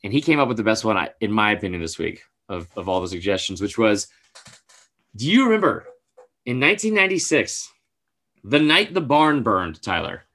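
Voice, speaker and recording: A man's voice: on the low side, big pitch swings, a little fast, pushed and bright. A man co-hosting a casual podcast, telling a story in a rambling way, with lots of filler words and casual swearing. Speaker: podcast co-host.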